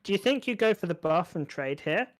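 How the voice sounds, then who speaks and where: Man, somewhat high voice, esports caster, analytical play-by-play, repeats words on restarts. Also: expressive, brisk. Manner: analytical, frequent small restarts. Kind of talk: play-by-play commentary.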